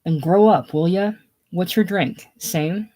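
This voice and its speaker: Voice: medium pitch, unhurried, warm tone, lightly acted. A solo reader voicing a blunt, teasing man in a casual play reading.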